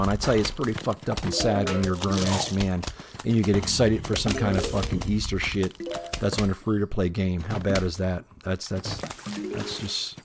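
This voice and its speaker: A middle-aged man hosting his own gaming channel, rambling through casual gameplay commentary with profane, deadpan sarcasm. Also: fairly low pitch, noisy background. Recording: loud music behind the voice.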